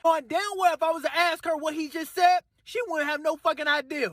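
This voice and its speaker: A man delivering an angry, profanity-laced rant to the camera, repeating himself and breaking into shouts. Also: extremely high pitch, steady tone, brisk, no echo, studio quality. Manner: heated, cursing, repetitive, bursts of shouting. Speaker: commentator ranting to camera.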